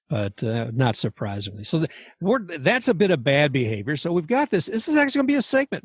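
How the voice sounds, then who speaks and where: A man's voice: medium pitch, no room sound, studio quality. Chatty male sports podcast host. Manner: chatty, rambling, laughs often. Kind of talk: casual sports talk.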